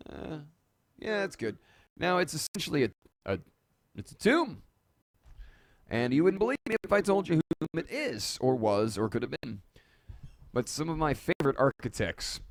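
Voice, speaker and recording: A man's voice: medium pitch, dry recording. Rambling, jokey male stream host. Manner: rambling, jokey, self-mocking. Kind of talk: casual live-stream monologue. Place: dark home studio.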